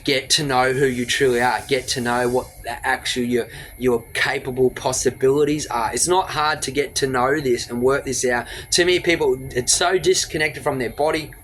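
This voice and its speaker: A man's voice: medium pitch, fairly even intonation, a bit bright, a little hiss or hum. A man giving a blunt, profane motivational rant straight into his phone camera. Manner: blunt, profane, rapid-fire lecturing. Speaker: motivational vlogger.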